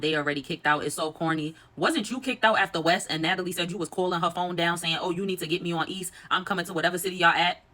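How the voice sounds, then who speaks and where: A woman's voice: lowish voice, sharp tone. A young woman giving a blunt, sassy, casual recap of a reality show and swearing freely.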